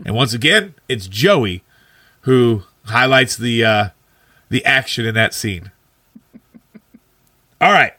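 Bright-voiced enthusiastic man chatting. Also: medium pitch, lively intonation, slow, pauses often, no room sound, clean studio sound. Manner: enthusiastic, laughs often, restarts words. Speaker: podcast co-host. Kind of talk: casual chat reviewing a sitcom episode.

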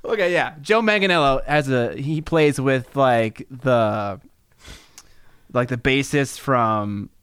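A man's voice: mid-range voice, slow, fairly bright tone, a little hiss or hum. A man co-hosting a casual hobby podcast, teasing his friend and laughing often. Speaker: podcast co-host.

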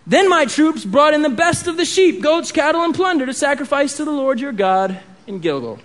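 A man's voice: very high voice, big pitch swings, moderate pace, a bit bright, pitched above the performer's own voice, heavily acted. A preacher putting on a defensive, protesting king. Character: defensive king insisting he obeyed, adult man.

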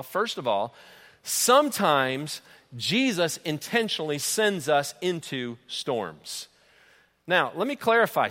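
A man preaching a sermon as a pastor, telling the story in an animated way, with fillers and repeated words. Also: a little high. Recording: long hall reverb.

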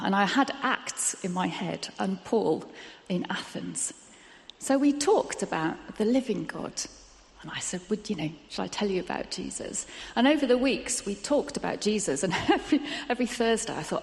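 A British woman telling a personal church story to an audience, lively and acting out the dialogue. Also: medium pitch, normal speed, vocal fry. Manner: lively storyteller who acts out quoted dialogue. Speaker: church member sharing a testimony. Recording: long hall reverb.

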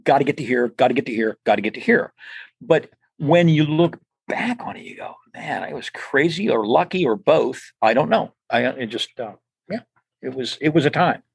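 A man's voice: medium pitch, lively intonation, normal speed, vocal fry, husky, no echo. An older man, an interview guest, telling stories casually and rambling, with many restarts and repeated words. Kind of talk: casual storytelling.

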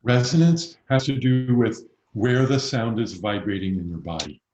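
A man working as a voice coach, calmly explaining breathing and resonance with slow, measured pauses. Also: lowish voice, echoey room, highs cut off, slight background noise. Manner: calm, explains slowly with pauses. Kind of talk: expert advice in a conversation.

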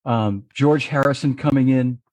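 A man's voice: mid-range voice, normal speed, a little mellow, no room sound. A man hosting a casual interview show, enthusiastic and encouraging with short repeated affirmations, with noise on the recording. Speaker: podcast host. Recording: noisy background on the recording.

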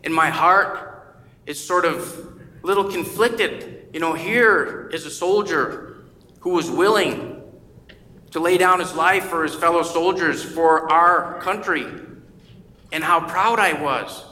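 Bright-voiced male pastor in an echoey hall. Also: a little high, slow. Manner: conversational storytelling, acting out quoted voices. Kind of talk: sermon. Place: church sanctuary. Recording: echoey church hall with faint ambience.

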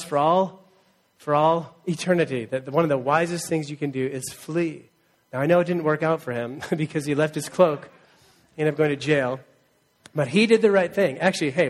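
A man in his thirties preaching a conversational sermon, earnest, often asking the congregation for a reply. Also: on the high side. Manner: conversational, earnest, asks the crowd for replies. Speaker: pastor.

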